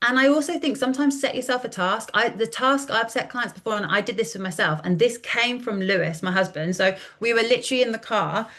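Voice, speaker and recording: A woman in her thirties, a content coach talking in a casual podcast interview, chatty and animated, often acting out quoted dialogue. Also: a little high, brisk, hardly any pauses. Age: 30s.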